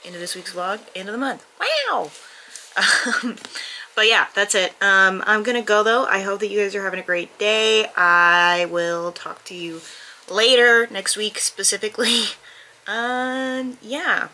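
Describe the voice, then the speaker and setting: A woman's voice: medium pitch, fairly even intonation, moderate pace, pushed and bright, poor audio. A woman vlogging casually at home, out of breath, rambling with lots of hesitant fillers and restarts. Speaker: book vlogger. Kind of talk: casual vlog chat.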